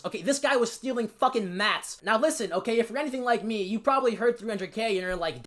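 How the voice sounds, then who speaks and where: A woman's voice: on the high side, fast talker. A woman narrating a story in casual commentary, profane and exasperated. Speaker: video narrator.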